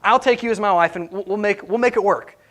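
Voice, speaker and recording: A man's voice: sits high, fast talker, a bit bright. A man playing an angry, cheated young bridegroom as he retells a Bible story in a sermon. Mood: resigned. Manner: exasperated, complaining.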